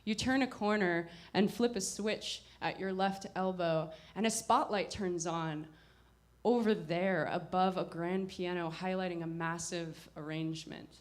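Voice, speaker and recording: A woman telling a personal story at a live performance, wry and reflective, with halting pauses. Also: lowish voice. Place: live performance before an audience.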